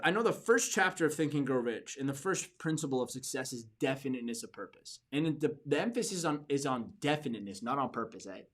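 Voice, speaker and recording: A man's voice: medium pitch, animated, fast talker, hardly any pauses, a bit bright. A man hosting a podcast for entrepreneurs, giving a motivational talk with emphatic repeats and restarts. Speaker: podcast host.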